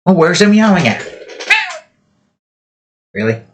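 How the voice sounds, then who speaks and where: A man hosts his own art channel, chatting casually as he draws, rambling and letting thoughts trail off. His voice sits high and sing-song, he speaks slowly, and faint music plays behind him.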